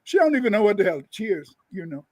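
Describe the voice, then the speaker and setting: Man co-host, high voice, emphatic, loops back on his words. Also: very animated, a little fast, a little mellow, low-quality recording. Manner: emphatic, rambling, repeats himself. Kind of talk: casual opinionated talk.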